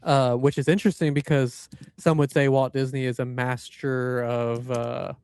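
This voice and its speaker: A man's voice: mid-range voice, flat delivery, normal speed, a little mellow, clean tone, dry recording, studio quality. A man co-hosting a paranormal podcast, chatting casually and rambling through loose asides. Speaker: podcast co-host. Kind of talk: casual chat.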